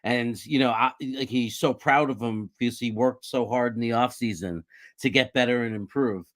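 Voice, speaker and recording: A man's voice: mid-range voice, moderate pace. A man co-hosting a casual sports livestream, talking in an easygoing way and chuckling along. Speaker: podcast co-host.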